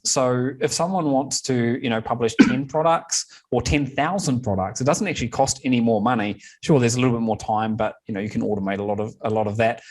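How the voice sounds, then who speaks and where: A male host chatting in an interview with a steady, conversational flow. His pitch sits in the middle range. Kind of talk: casual interview chat.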